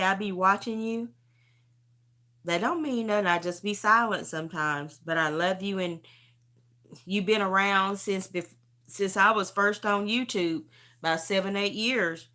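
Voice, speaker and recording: Bright-voiced middle-aged woman testifying. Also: on the low side. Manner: heartfelt, repetitive, talks straight to viewers. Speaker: livestream host. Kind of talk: emotional testimony chat. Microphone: phone.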